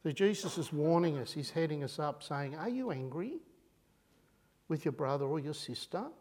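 The sermon comes from an Australian man who sounds conversational and spirited, leaning on rhetorical questions. He's a little high-pitched and keeps a moderate pace.

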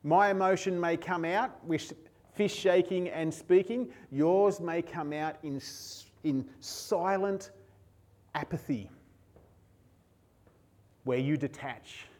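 A man preaching a sermon as pastor, emotional, moving between hushed and raised passages. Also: a little high, slow, pauses often.

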